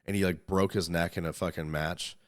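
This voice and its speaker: A man's voice: low-pitched, steady tone, a little fast. A man hosting a podcast in casual chat, rambling, swearing freely and reading articles aloud. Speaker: podcast host.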